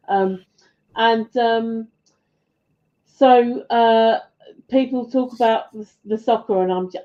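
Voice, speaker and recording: A woman's voice: mid-range voice, muffled recording. An older British woman chatting casually on a live stream, rambling along and laughing often. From Britain. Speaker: co-host of live chat stream. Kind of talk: casual chat.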